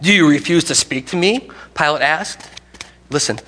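Bright-voiced preacher, dramatic swings. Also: male voice, a little high, brisk. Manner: dramatic, drops to a hush for quoted lines. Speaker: pastor. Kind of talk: sermon.

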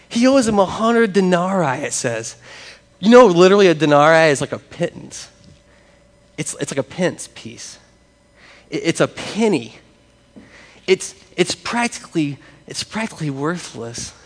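A man preaching a sermon, lively and conversational, talking with his congregation. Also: fairly high pitch, creaky, in a large hall. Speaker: pastor. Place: church sanctuary with congregation.

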